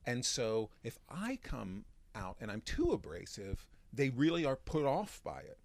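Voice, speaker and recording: A man, a magician and stand-up comic, talking in a relaxed interview, restarting sentences as he thinks. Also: mid-range voice, a little slow, no room sound. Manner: chatty, with frequent restarts and fillers. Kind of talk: interview conversation.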